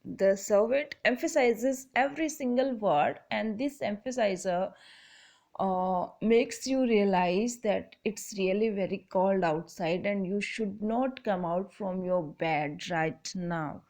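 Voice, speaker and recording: A woman lecturer, slowly explaining a literary text, often repeating and rephrasing. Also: medium pitch, a little mellow. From India. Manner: slow, repeats and rephrases, reads passages aloud. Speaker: English lecturer.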